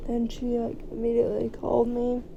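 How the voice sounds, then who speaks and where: A woman's voice: on the high side, completely flat delivery, fairly quick, creaky, mellow, lo-fi sound, slight background noise. A young woman telling an emotional personal story, rambling with restarts and quoting what others said. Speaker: vlogger.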